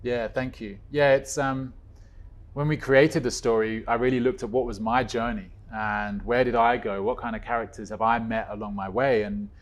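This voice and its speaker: A man guest in a relaxed interview, telling an anecdote with lively energy. His voice sits in a middle register and rises and falls often as he gets into the story. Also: moderate pace. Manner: animated storyteller with swings in pitch and loudness. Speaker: guest, co-creator of a stage musical. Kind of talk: casual chat.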